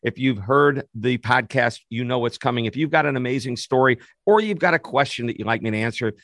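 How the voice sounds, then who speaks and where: An upbeat, enthusiastic male podcast host chats his way through a radio-style interview. His mid-range, fairly bright voice is brisk, recorded close-miked and dry in a studio with no echo.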